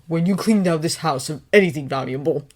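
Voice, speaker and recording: A woman's voice: deep voice, a little fast. A woman voicing an impatient teenage boy wizard who speaks sharply. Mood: stern.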